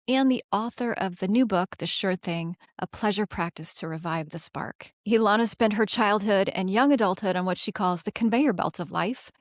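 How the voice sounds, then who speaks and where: A woman's voice: medium pitch, dry recording, studio quality. A woman hosting a podcast interview, effusive and openly emotional as she introduces and talks with her guest. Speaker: podcast host.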